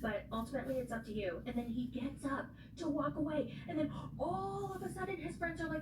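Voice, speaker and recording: A woman casually recaps a reality show, chatty and opinionated, slipping into put-on voices for the quotes. Her voice sits a bit high. She sounds far from the mic in an echoey room with noise behind her. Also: fairly quick, hardly any pauses. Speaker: recap vlogger.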